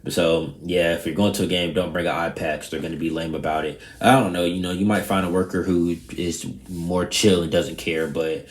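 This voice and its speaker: A young man, casually vlogging in a loose, rambling, profane way that turns animated when he retells a story. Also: sits low, a little fast, few pauses, reverberant. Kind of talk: casual vlog chat.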